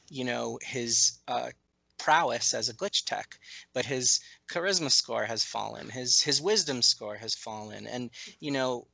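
A man with a gravelly, bright edge to his voice talks through an interview, often stopping and restarting his sentences as he thinks. The sound is dry and close, with no room around him. He speaks as an animated series co-creator answering questions. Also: medium pitch, dry recording, rough recording. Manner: thoughtful, halting, many restarts and fillers. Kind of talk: conversational interview.

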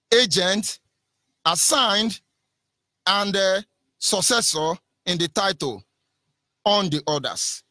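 A Nigerian man hosts a radio broadcast, his high, bright voice ringing with fiery political commentary. He hammers at listeners with rhetorical questions, letting his lines rise and fall in a sing-song way. The sound is dry and close, with no room around it. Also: dry recording. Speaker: radio host.

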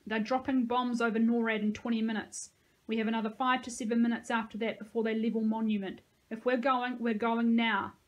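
A woman doing a gruff determined pilot captain. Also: on the high side, level tone, a little fast, highs cut off, lightly acted. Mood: urgent. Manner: growling, curt orders.

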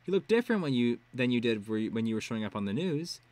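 A man's voice: mid-range voice, sing-song, fast talker, darkish tone, close to an everyday voice. A man voicing a smug, mocking teenage girl villain in a read-aloud web serial. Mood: chatty. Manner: teasing, mocking.

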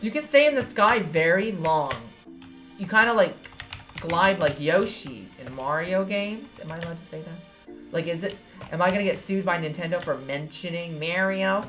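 New york gal playing a game, squeals and swears, bright edgy voice. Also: female voice, lowish voice, moderate pace, faint music behind. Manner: playful, swears, squeals when jumping. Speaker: gaming streamer. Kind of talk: casual let's-play commentary.

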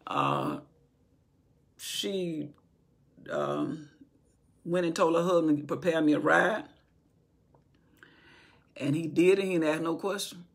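Raspy, gravelly woman retelling Bible stories. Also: low-pitched, very animated, slow pace, pauses often. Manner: retells from memory, acting out quoted speech. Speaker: Bible teacher. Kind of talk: informal Bible storytelling.

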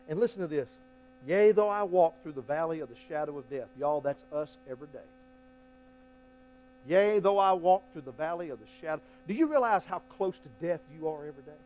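A man preaching a sermon as pastor, folksy and emphatic, swinging between loud appeals and hushed lines. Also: fairly high pitch, poor audio. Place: church sanctuary. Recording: faint mains hum.

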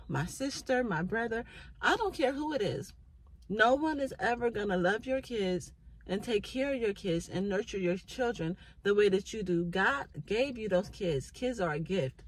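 In a casual spoken reflection, a mother talks earnestly about faith and family in a preachy, heartfelt way. Her mid-range voice is slightly rough, and the audio is poor.

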